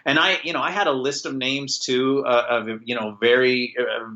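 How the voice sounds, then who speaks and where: A bright-voiced American man telling a story. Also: mid-range voice, fairly even intonation, normal speed, lo-fi sound, slight background noise. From United States. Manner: chatty storytelling, self-deprecating, laughing often. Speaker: guest, TV writer. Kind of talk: casual podcast interview.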